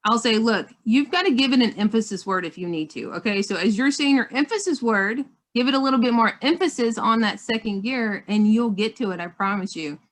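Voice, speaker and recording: A woman coaching motorcycle riders, chatting on a video call in a friendly, animated way and often repeating herself. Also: fairly high pitch, fairly quick, few pauses. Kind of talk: casual video call chat.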